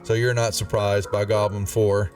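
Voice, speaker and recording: A man running a tabletop game as game master, chatty and quick to laugh, often stopping to restart his sentences. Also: on the low side, little pitch movement, far from the mic, over loud music.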